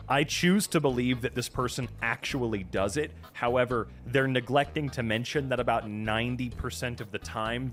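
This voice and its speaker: A man doing casual reaction commentary, animated and sarcastic, with plenty of swearing and asides. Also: medium pitch. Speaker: reaction streamer.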